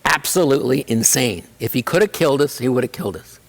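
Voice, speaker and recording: A man's voice: medium pitch, fast talker, gravelly, slight background noise. A man giving a humorous keynote talk, telling family stories and acting out relatives in quoted voices. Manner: animated, acts out family members in quoted voices. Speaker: keynote speaker. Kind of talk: humorous personal storytelling. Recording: reverberant hall.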